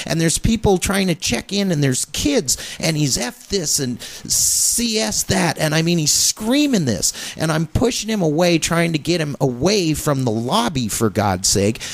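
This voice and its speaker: A middle-aged man, a comedian, telling a long story casually on a radio talk show, getting animated as it builds. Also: vocal fry. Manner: animated anecdote-telling, pitch jumps when excited.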